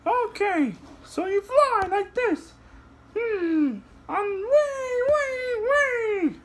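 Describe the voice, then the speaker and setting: A man's voice: extremely high pitch, expressive, drawn-out words, fairly bright tone, a little hiss or hum, voice pushed up, heavily acted. A man doing a squealy little female cat. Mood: giddy. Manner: squealy, eager and bouncy.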